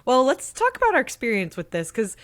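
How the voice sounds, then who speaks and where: A woman's voice: on the high side, wildly swooping pitch, brisk, no echo. Upbeat woman podcast co-host, dry sound. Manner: upbeat, rambling, many fillers and restarts. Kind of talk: casual chat.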